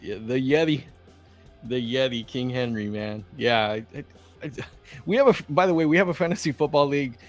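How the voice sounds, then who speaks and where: A Texan man co-hosting a laid-back podcast chat in a mid-range voice. He rambles, trips over restarts and fills pauses with "uh" and "um". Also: medium pitch, faint music behind. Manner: rambling, with many fillers and restarts. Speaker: co-host.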